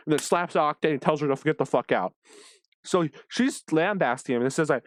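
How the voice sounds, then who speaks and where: A manga reviewer with a fairly high-pitched voice rants casually about a comic he read, talking a little fast on a recording with no echo. He swears constantly and sounds exasperated, animated and profane throughout.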